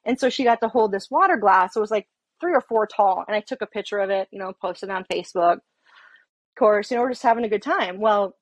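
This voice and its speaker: A woman's voice: mid-range voice, fairly quick, no echo. A middle-aged woman and police officer, telling a story in casual talk, swearing and acting out heated quotes. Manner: profane, animated, acts out heated quotes.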